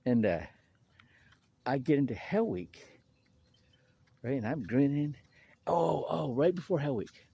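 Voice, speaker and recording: A man telling a personal story in a lively way, stumbling over restarts and repeated words as he goes. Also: mid-range voice, measured pace, creaky, long pauses, husky. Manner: animated, acts out quoted people in a raised voice. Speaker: speaker sharing his testimony.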